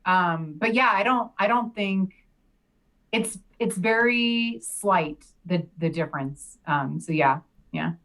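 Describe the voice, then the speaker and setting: A woman's voice: fairly low pitch, slow pace, fairly bright tone, poor audio. A woman from the United States, chatting casually on a podcast, hesitant and full of fillers. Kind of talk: casual chat.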